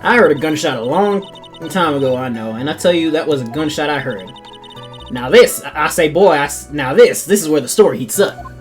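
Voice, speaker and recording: A woman voicing a brash, excitable country woman photographer with a put-on rural Southern drawl. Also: sits low, fairly quick, soft background music. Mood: folksy.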